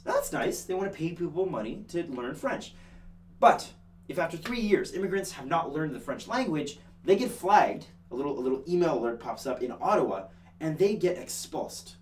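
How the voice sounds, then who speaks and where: A man's voice: fairly high pitch, distant mic. A young man from Canada hosting an online news show, talking in a chatty, joking way with lots of fillers. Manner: chatty and animated, with filler words and jokes. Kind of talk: casual online news commentary.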